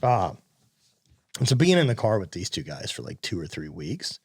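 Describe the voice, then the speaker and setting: A man's voice: low-pitched, very animated, moderate pace, husky, no echo, clean studio sound. A man hosting a podcast, chatting casually and telling rambling stories full of swearing. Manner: swears freely, rambling storyteller. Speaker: podcast host. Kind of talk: casual chat.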